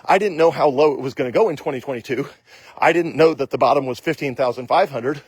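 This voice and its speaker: A man with a fairly high voice talks in a casual, emphatic monologue. He hammers his points home by repeating them and acting out imagined exchanges. The sound is dry and close, with no room around it. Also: breathy edge, no room sound. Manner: emphatic, repetitive, argues by acting out imagined questions and answers. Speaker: state legislator and investor.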